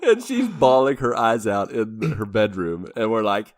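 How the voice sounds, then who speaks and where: His voice sits on the low side but swings hugely in pitch as this young podcast host, talking at a moderate pace, rambles through a long anecdote full of laughs and acted-out quotes. The recording is dry.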